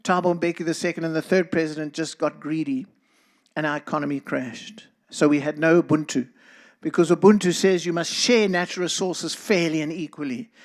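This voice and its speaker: A man's voice: on the high side, fairly even intonation, brisk. A middle-aged man with a South African accent, giving an earnest talk to a church congregation and speaking to listeners by name. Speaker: guest speaker.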